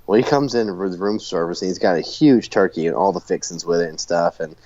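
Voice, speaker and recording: Deep-voiced man rambling on a podcast. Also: fairly quick, darkish tone, dry recording, muffled recording. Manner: rambling with many fillers and restarts. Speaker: podcast co-host. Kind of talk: casual recap chat.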